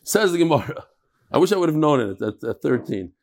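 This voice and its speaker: A male teacher working through a text with his class, his voice sitting a little high for a man. He drives his points home with rhetorical questions and repeated phrases, talking as much as reading. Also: big pitch swings, brisk, darkish tone. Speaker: religious studies teacher. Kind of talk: classroom text-study lecture.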